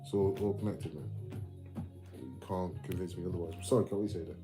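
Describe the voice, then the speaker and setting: Man, English accent, low voice, rambling sweary livestream talk, loud music behind. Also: a little fast, poor audio. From England. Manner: sweary, rambling, tags lines with "man" and "mate". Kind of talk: rambling casual rant. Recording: music playing loudly behind the voice.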